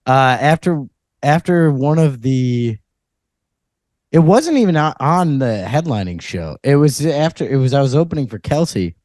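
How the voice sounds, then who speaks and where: A man's voice: mid-range voice, normal speed, no room sound, clean studio sound. A man co-hosting a comedy podcast, telling stories with lots of laughs. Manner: laughs often, animated storytelling. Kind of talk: casual chat.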